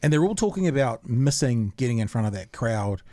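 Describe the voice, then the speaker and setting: Fast-talking New podcast host. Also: male voice, mid-range voice, sing-song, dark tone, no echo. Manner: chatty, rambling questions. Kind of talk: casual podcast interview.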